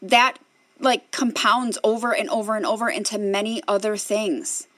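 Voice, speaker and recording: A woman in her thirties talks through an idea in a relaxed podcast chat. She reflects as she goes, tosses in casual swearing, and keeps asking "right?" to check in. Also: mid-range voice, moderate pace, no echo. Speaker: podcast co-host.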